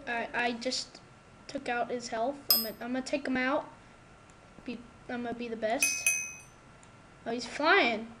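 A woman giving casual gameplay commentary, excitable and protesting loudly whenever she loses, recorded on a home microphone. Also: fairly high pitch, moderate pace, long pauses, noisy background. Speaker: gamer. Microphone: new desktop microphone.

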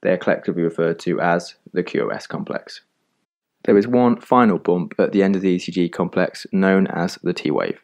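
A man narrating a scripted medical lesson in calm, measured explanations. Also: deep voice, gravelly.

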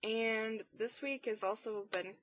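Tired teen girl vlogger, rambly and low-key, full of fillers, dry muffled webcam sound. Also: steady tone, unhurried, no echo. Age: teens. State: tired and under the weather. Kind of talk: casual weekly vlog chat. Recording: dull, dry lo-fi webcam audio.

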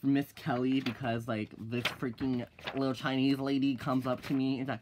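Teen boy vlogger rambling, says like and freaking nonstop, swears, cracks into squeaky loud bits, bit of background hiss. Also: a little slow, long pauses. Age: teenager. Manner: swings into loud high exclaims when mocking. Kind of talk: casual vlog chat.

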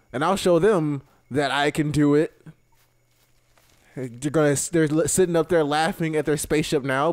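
A young man giving casual let's-play commentary, excitable, swearing often and talking to himself as he plays. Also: on the high side, no room sound, clean studio sound. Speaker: gaming video host.

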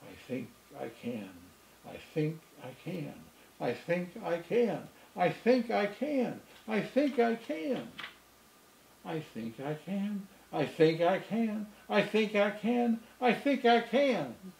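A man voicing a kind, determined little female engine, chanting with rising pitch. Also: very animated, extremely slow, gravelly, a little mellow, reverberant, a little hiss or hum, heavily acted.

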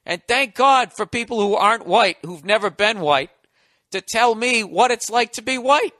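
Sarcastic, high-voiced man ranting. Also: animated, normal speed, pushed and bright, no room sound, clean studio sound. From United States. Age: 40s. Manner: sarcastic, profane, mock-outraged. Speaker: podcast host. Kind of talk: sarcastic solo podcast rant.

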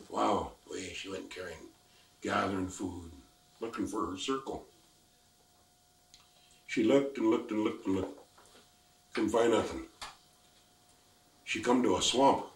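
An elderly man from the Lummi Nation telling a traditional story in simple, repetitive, unhurried phrasing. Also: fairly low pitch, slight background noise. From Lummi Nation, Washington, US. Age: older. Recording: echoey room, distant mic.

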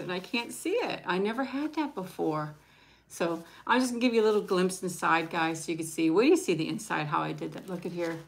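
A woman hosting a casual live stream, chatting warmly and gushing, thanking viewers one by one. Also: mid-range voice. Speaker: livestream host showing handmade junk journals.

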